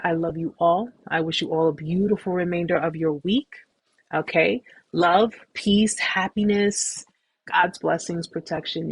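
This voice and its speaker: A woman hosting a live stream, talking casually and at length, warmly repeating reassurances to her viewers. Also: fairly low pitch, slightly rough, no echo. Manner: warm, effusive, repetitive reassurance; talkative, rambling with restarts. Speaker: host of a support live stream.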